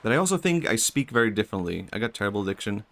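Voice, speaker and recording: A young man with a Swedish accent and vocal fry, chatting softly and musing aloud while streaming a game. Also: lowish voice, very animated, racing, no room sound. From Sweden. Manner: soft-spoken, musing, talks to chat. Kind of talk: casual game-stream chat.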